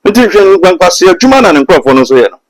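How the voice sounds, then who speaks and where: A man, a prophet speaking as a guest on a talk show, excitable and laughing easily like a preacher. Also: high-pitched, racing, rough recording.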